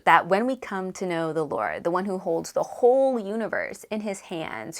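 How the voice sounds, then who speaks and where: A woman hosting a book review vlog, talking in an animated, emphatic, conversational way while drawing a reflection from scripture. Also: lowish voice. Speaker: book reviewer and Bible teacher.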